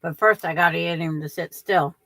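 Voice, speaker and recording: A woman's voice: on the low side, fairly even intonation, a little fast, a bit bright, dry recording. An older woman hosting a quilting livestream, chatting casually and rambling with viewers, often restarting her sentences.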